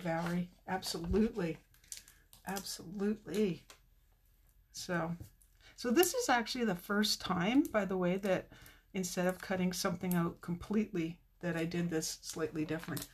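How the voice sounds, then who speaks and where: A woman's voice: lowish voice, a little hiss or hum. A middle-aged woman chatting with viewers while demonstrating card making on a live stream, with muttered asides to herself.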